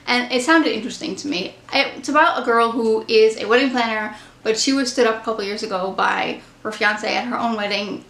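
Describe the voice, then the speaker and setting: Brief: woman vlogger, fairly high voice, chatty book talk, roomy echo. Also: fairly bright tone. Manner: chatty, candid, opinionated. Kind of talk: casual book review chat.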